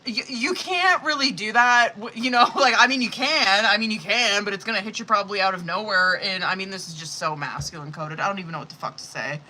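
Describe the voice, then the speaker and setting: A woman hosting a live tarot reading. Her voice is very bright and sharp at a middle pitch. She talks in a loose, rambling way, full of fillers and swearing, with emphatic, exasperated asides. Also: expressive, a little fast, few pauses, slight background noise, poor audio. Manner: casual, profane, rambling with many fillers. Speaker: tarot reader.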